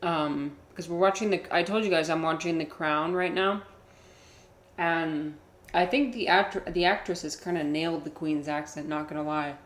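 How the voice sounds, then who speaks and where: A woman's voice: sits low, normal speed. A young woman streaming a game, chatting casually with her viewers and laughing often. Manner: giggly, chatty, reacts to chat. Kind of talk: casual chat while gaming.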